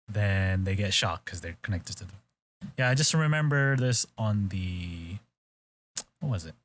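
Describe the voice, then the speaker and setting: Low-voiced man retelling a show loosely. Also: expressive, unhurried, a bit bright. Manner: rambling retelling with quoted voices and swearing. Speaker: podcast host. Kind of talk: casual chat.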